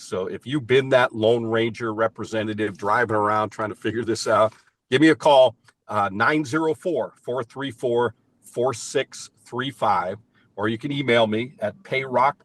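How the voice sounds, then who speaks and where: Low-voiced older man, fired-up motivational talk. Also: normal speed. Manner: enthusiastic, emphatic motivational talk. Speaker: payments sales team leader. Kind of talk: motivational interview answers. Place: inside a car.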